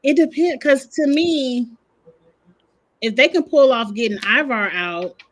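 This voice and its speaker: Slightly high-voiced woman co-host. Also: measured pace. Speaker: podcast co-host. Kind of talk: casual chat.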